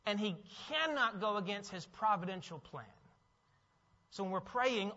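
High-voiced preacher in a reverberant hall. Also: male voice, a little fast. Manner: animated, asks the audience questions. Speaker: pastor. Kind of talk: sermon. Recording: dull, with long hall reverb.

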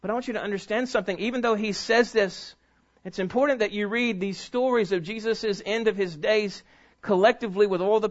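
A man with a very high voice preaches to his congregation from the pulpit. He reads scripture aloud and speaks straight to the listeners, swelling to loud peaks and sinking to near whispers. The church recording sounds dull and muffled. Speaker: pastor. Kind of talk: sermon. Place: church sanctuary before a congregation.

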